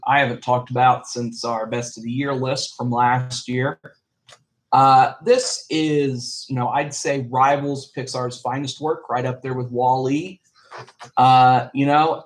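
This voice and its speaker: Blunt man giving movie verdicts. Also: mid-range voice. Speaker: podcast co-host. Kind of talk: casual movie review chat.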